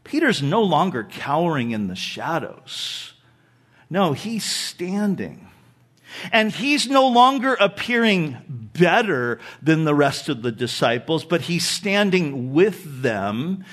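Male pastor, high lively voice, animated storytelling sermon with casual asides. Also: slow. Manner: animated, acts out quoted speech, conversational asides.

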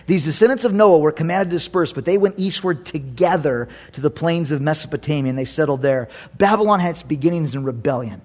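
A middle-aged man preaching a sermon, animated and acting out voices with sarcastic humor. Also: sits high, normal speed. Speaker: pastor.

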